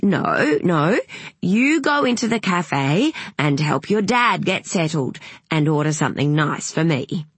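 A woman's voice: sits low, big pitch swings, unhurried, husky, no echo, full character voice. A narrator voicing a nervous, fussy woman who smiles frantically and gives firm little orders. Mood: fluttery. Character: anxious, fussy mother of a young woman.

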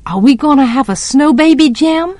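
A woman's voice: high voice, expressive, moderate pace, a little mellow, no room sound, voice pushed up. Woman reading as blunt little girl Scout. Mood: curious.

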